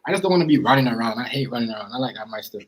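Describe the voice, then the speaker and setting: A man's voice: mid-range voice, lively intonation, rapid-fire, husky, low-quality recording. Dude rambling on his podcast, loose and repetitive, just chatting. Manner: loose, rambling, repeats phrases. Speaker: podcast host. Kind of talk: casual chat.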